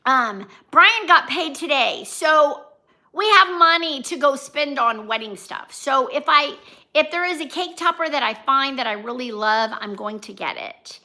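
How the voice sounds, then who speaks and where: A woman's voice: sits high, expressive, measured pace, pushed and bright. A woman hosting a casual livestream, chatting and reading her viewers' comments aloud, greeting them by name. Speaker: vlogger and livestream host.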